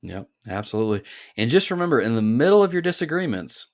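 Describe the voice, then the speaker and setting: A man's voice: mid-range voice, big pitch swings, fast, dry recording. Chill guy hosting a podcast, rambly, reading listener mail, mid voice, dry close mic. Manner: laid-back, rambling, reads listener mail aloud. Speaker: podcast co-host. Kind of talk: casual chat.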